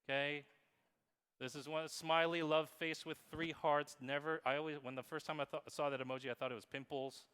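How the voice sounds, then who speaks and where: A man giving a lively conference keynote on marketing, playful and quizzing the crowd, reading examples aloud in exaggerated voices. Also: a little high, brisk, clear, resonant tone. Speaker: keynote speaker. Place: conference hall with audience. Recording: long hall reverb.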